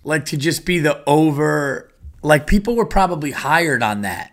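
A man's voice: fairly high pitch, very animated, moderate pace. A middle-aged man hosting his own podcast in casual, rambling chat, loose and profane with many fillers. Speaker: podcast host.

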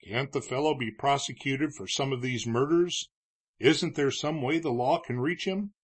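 A man voicing a reserved grown cowboy who talks quietly and hesitantly. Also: medium pitch, normal speed, slightly rough, lightly acted. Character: reserved grown cowboy, modest and plain-spoken.

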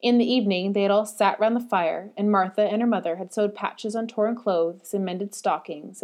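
A woman's voice: medium pitch, darkish tone. Woman reading a classic storybook aloud. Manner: measured, storytelling. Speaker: audiobook narrator. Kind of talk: scripted narration of a classic novel.

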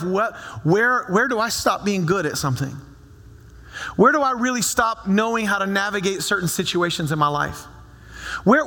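A man preaches to his church in an easy, conversational style, circling back on his phrases. His voice sits high and sounds bright and forceful. The sound rings out with a long reverb from the sanctuary. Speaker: pastor. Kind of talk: sermon.

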